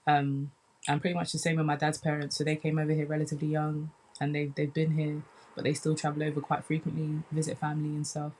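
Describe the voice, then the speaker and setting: A young woman from the UK, a comedian chatting casually in an interview, animated and relaxed, often saying "man". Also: low voice, fast talker, breathy edge. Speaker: comedian guest.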